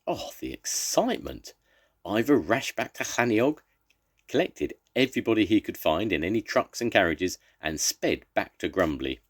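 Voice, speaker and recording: Deep-voiced grandfather reading a story. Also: normal speed. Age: older. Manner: gentle, expressive reading. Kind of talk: reading a children's story aloud.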